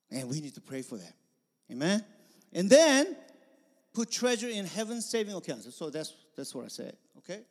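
A man preaching a sermon as pastor, animated, with sudden loud bursts. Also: fairly high pitch, unhurried, pauses often, long reverb tail.

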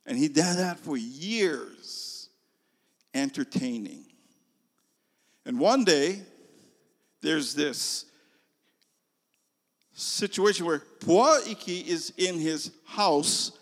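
A man telling a story as a sermon, animated, swinging from loud to hushed. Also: on the high side, drawn-out words, long pauses, in a large hall. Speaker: preacher.

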